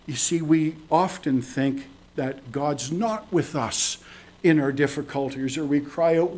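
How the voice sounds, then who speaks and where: A man preaching a sermon to his congregation, earnest, repeating phrases for emphasis and dropping from emphatic lines to hushed ones. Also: sits high, measured pace. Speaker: pastor. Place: church service.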